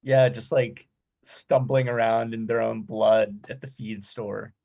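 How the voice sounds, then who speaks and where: A man's voice: lowish voice, steady tone, unhurried, vocal fry, warm tone. Thoughtful man on a dull lo-fi line. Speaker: guest screenwriter. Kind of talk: casual film discussion chat.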